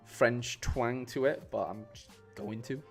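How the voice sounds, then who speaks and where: A man's voice: mid-range voice, unhurried, soft background music. A man chatting casually on a live stream, rambling with lots of fillers and restarts and calling his viewers "mate". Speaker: streamer building fantasy football lineups.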